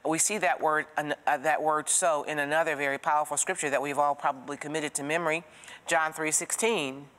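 A woman's voice: low-pitched, brisk. Preacherly woman teaching in a reverberant hall. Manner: expressive, preacherly, asks the listener direct questions. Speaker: Bible teacher. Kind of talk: Bible study teaching with storytelling.

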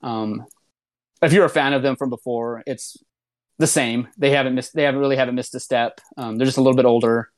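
A man's voice: medium pitch, steady tone, brisk. Guy just chatting, kinda rambly, lots of um and like, normal mid voice. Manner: rambling retelling, many "um"s and "like"s, restarts. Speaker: podcast co-host reviewing a comedy show. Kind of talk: casual chat.

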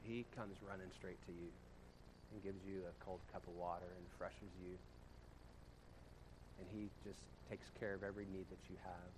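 Laid-back guy pastor, deep-ish voice, chatty sermon in a church room, faint hiss behind. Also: little pitch movement, normal speed, long pauses. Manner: conversational, with sudden loud bursts and quiet drops. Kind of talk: casual storytelling sermon.

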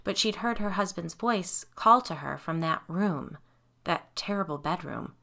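Bright, forceful woman narrator. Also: fairly low pitch, expressive, unhurried, vocal fry. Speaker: audiobook narrator. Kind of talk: scripted narration of a horror novel.

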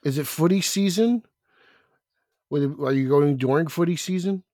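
A man's voice: on the high side, moderate pace, warm tone, no room sound, clean studio sound. A man co-hosting a podcast, asking questions and joking in casual chat. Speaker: podcast co-host.

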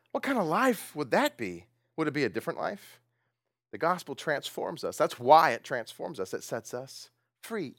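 A man's voice: mid-range voice, no echo, clean studio sound. A man preaching a sermon, asking his congregation questions and laughing often as he talks. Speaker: pastor.

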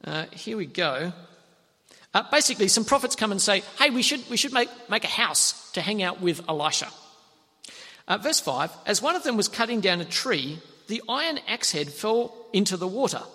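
Animated man preaching in a reverberant hall. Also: sits high, normal speed, breathy edge. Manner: animated storytelling, acting out characters' lines. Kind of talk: sermon.

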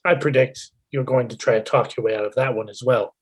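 A man doing a deadpan, husky droid. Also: mid-range voice, fairly quick, close to an everyday voice. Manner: formal, deadpan, calls the other player sir. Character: deadpan male droid, dry and calculating.

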